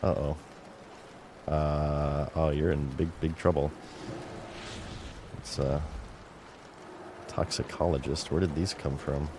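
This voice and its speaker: A man's voice: very deep voice, takes it slowly, long pauses, noisy background. A man streaming a game, chatting casually and muttering to himself as he plays. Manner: relaxed, chatty, mutters to himself while playing. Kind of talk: casual gameplay commentary.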